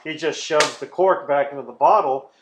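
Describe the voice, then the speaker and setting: A man's voice: fairly high pitch, normal speed, noisy background. A man co-hosting a podcast, rambling through stories with lots of swearing and laughter. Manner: rambling, profane, laughs often. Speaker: podcast co-host. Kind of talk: casual chat. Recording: roomy, dull lo-fi sound.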